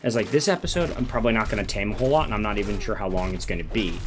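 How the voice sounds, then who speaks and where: A man's voice: fairly low pitch, rapid-fire, few pauses, background noise. A sleep-deprived man giving rambling, casual commentary while playing a survival game. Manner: rambling, self-interrupting, chatty. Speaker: gaming YouTuber.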